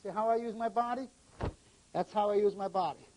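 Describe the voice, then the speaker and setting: A man's voice: high-pitched, a little fast, dark tone, a little hiss or hum, rough recording. A middle-aged man from New England, a martial arts instructor who gives short commands and counts out the moves during a live demonstration.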